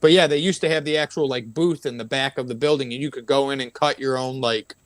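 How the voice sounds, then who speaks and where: In a dry recording, a man of medium pitch talks quickly while telling raucous, profanity-laced tales in casual chat. He brings each quote to life by acting it out.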